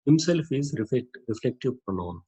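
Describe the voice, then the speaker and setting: A man teaching a lesson on using a dictionary, explaining slowly with many repetitions and "uh" fillers. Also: medium pitch, expressive, warm tone, husky, poor audio. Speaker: English teacher.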